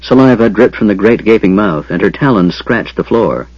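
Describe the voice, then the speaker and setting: A man narrating an audiobook in a measured, expressive manner. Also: lowish voice, no echo, highs cut off. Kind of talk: scripted narration.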